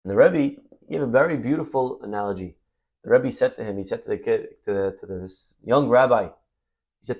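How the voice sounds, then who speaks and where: A man giving a Torah sermon as a story, swinging between loud emphasis and soft asides. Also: mid-range voice, moderate pace. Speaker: rabbi teaching Torah.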